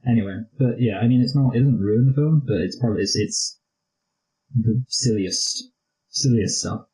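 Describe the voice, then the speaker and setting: A man's voice: mid-range voice, moderate pace, warm tone, rough recording. A young man with a rambling, jokey manner, co-hosting a casual movie review chat. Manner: rambling, jokey, slips into posh impressions. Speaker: co-host of a movie review show.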